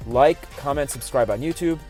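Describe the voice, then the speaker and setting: A man hosting his own sports podcast, talking solo and growing heated and animated as he argues his opinions. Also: mid-range voice, normal speed, soft background music.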